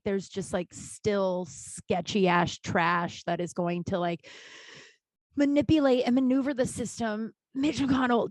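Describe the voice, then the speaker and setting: A woman at mid pitch talks straight into the mic in a dry, close recording from a small closet. She hosts her own podcast as a loose solo monologue. She is blunt, swears freely, and rambles with many restarts. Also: dry recording. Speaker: podcast host.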